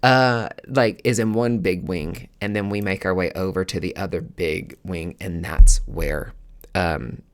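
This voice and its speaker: A man with a somewhat low voice tells a personal story in a loose, casual monologue. He is animated and dramatic, and he swears freely as he acts out his own reactions. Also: a little slow. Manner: animated, profane, dramatic retelling. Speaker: podcast host.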